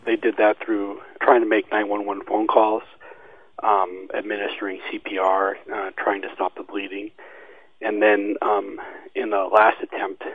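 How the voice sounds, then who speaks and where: A police detective speaking factually with fillers, heard over a tinny phone line. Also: male voice, fairly low pitch, level tone, unhurried, no room sound. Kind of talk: interview soundbite.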